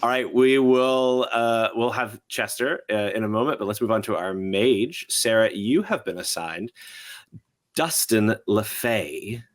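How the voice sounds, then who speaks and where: A man running a tabletop game as game master, upbeat and quick to laugh. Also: on the low side.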